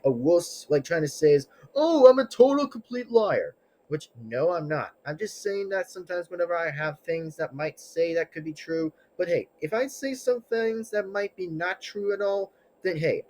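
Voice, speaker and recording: Man, high voice, agitated defensive vlog rant, tangled rambling delivery. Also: a little mellow, poor audio. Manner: rambling, restarts, many fillers and tangled phrasing. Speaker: channel owner. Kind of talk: casual vlog rant to camera.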